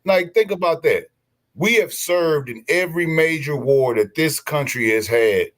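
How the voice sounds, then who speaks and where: Man, casual stream talk, preachy, animated, restarts a lot. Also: fairly high pitch, measured pace. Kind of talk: casual chat.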